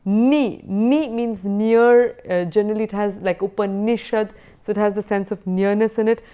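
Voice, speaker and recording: A woman lecturer giving a recorded university lesson, explaining patiently and reading verse slowly. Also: medium pitch, fairly even intonation, warm tone, smooth.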